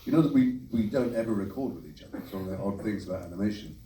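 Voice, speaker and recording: A man, a voice actor on a convention panel, answering audience questions in a quick, rambling way. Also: fairly low pitch, warm tone. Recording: echoey hall, distant mic, faint noise.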